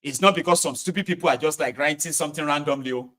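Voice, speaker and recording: A man's voice: on the high side, quick pace, a bit bright. A Nigerian man giving exasperated, mocking political commentary in a casual vlog. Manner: exasperated, mocking, uses pidgin particles.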